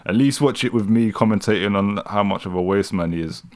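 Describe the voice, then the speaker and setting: A man's voice: fairly low pitch, fairly quick, darkish tone. A young British man with a London street accent hosting a live reaction stream, mocking what he watches, laughing often and talking to his chat. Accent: British, London street style. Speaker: livestream host reacting to news.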